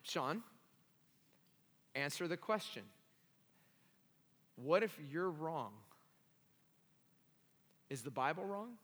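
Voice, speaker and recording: A man's voice: on the high side, expressive, extremely slow, long pauses, fairly bright tone, slightly rough, full character voice. Man playing an old mentor in his eighties, wise, probing questions, echoey hall. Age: 80s.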